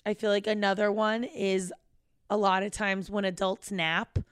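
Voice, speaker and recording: A woman's voice: mid-range voice, little pitch movement, normal speed, smooth, dry recording, clean studio sound. A woman in her thirties co-hosting a podcast in casual chat, candid and profane, acting out the voices of people she quotes. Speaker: podcast co-host.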